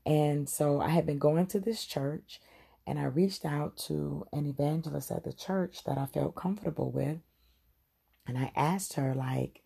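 A woman's voice: sits low, unhurried, vocal fry, mellow, breathy edge. A woman hosting a podcast and giving a heartfelt personal testimony, speaking straight to her listeners. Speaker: podcast host.

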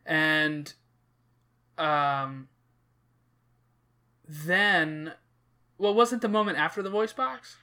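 Bright-voiced man rambling through a movie recap. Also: a little high, drawn-out words, pauses often, smooth. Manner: rambling, many fillers and restarts, emotional retelling. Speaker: podcast host. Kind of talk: casual chat recapping a movie.

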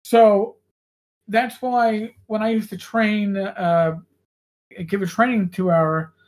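A man who is a former police officer, co-hosting a podcast and telling stories in an animated, freely swearing way. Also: high voice, slow pace. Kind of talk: casual chat, storytelling.

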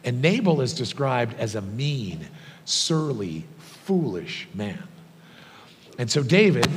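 A man preaching a sermon, telling stories in a conversational way with frequent fillers. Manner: storytelling, conversational with many fillers. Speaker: pastor. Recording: long hall reverb, faint rumble.

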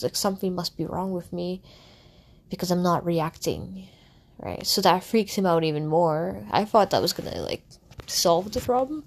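Young woman, somewhat low voice, candid vlog storytelling, rambling, filler words, restarts. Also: a little mellow. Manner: candid and reflective. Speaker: content creator. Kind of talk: casual personal storytelling.

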